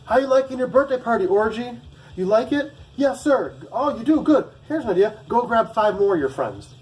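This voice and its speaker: A brash military drill instructor barks and mocks in a raised, pushed voice, every taunt thrown out loud. A man puts him on while telling a story. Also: very high-pitched, very animated, a little fast, voice pushed up, low-quality recording. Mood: gloating. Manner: barking, mocking, profane.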